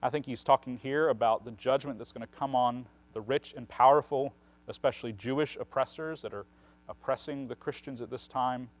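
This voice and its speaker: A man gives conversational Bible teaching at a middle pitch for a man. He explains at length in an unhurried way. He keeps checking in with his listeners through a questioning "right?". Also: fairly even intonation.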